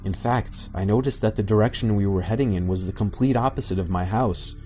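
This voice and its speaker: A man narrating a scripted horror story in an even, matter-of-fact way. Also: on the low side, a little fast. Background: faint background music.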